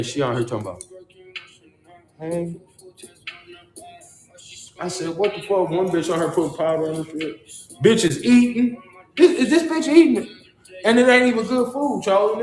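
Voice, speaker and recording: A man's voice: fairly high pitch, roomy sound. A man hosting a casual livestream monologue, rambling in slangy, profane street talk and repeating the same refrain words again and again. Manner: rambling, repeats "Charles" and "chosen one" as a refrain. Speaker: livestream host. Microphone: phone.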